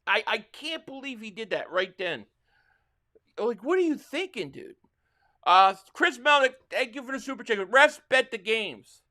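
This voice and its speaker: The voice is extremely high, very animated, pushed and bright, and a little slow. He's a Philadelphia-area man hosting a live football reaction stream, venting in rambling fan talk and reading viewer super chats.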